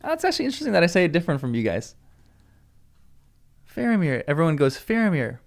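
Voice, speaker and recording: A man's voice: on the high side, huge pitch swings, racing, gravelly. An American man reading a fantasy novel aloud for his channel, stopping to muse and laugh in casual commentary. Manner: chatty, laughs often, muses out loud. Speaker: channel host reading a book. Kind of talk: read-along with casual commentary.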